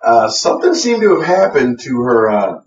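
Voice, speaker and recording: A man's voice: medium pitch, very animated, normal speed. A man co-hosting a web wrestling show, chatting casually with lots of fillers and restarts. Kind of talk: casual chat with hesitant fillers. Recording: echoey room, distant lo-fi mic.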